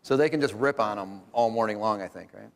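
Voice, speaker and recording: A man's voice: lowish voice, fast talker, gravelly. A middle-aged man presenting research at a conference, joking and conversational, recorded in a hall. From Rochester, New York. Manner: joking, animated, conversational lecturing. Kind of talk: conference talk. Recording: hall reverb.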